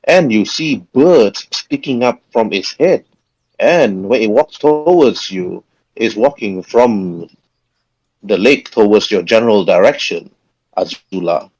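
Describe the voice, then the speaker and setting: A man running a tabletop game as game master, talking in a halting way with frequent chuckles. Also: on the low side, lively intonation, darkish tone, husky, dull audio.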